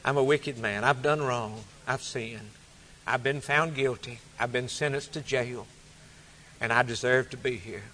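A man voicing a guilty male prisoner who confesses in a low, subdued way. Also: a little slow, pauses often, fairly bright tone, a little hiss or hum. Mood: contrite.

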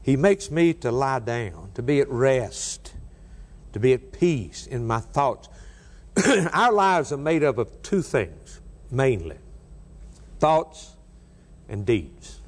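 Older preacher in a reverberant hall. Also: male voice, medium pitch, big pitch swings, takes it slowly, long pauses. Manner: dramatic swings between soft and raised delivery. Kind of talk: sermon.

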